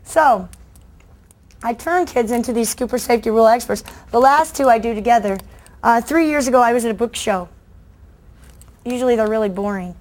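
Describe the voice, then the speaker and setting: A middle-aged woman, a children's book author, telling lively stories in a talk and acting out the voices of kids and adults. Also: on the high side, fairly quick, pauses often. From United States. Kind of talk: lively storytelling speech to an audience.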